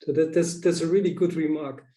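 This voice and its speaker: A man's voice: on the high side, steady tone, fairly quick, dark tone, roomy sound, low-quality recording. A man panelist giving hesitant remarks in a discussion, repeating words as he goes, over a video call. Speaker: panelist researcher.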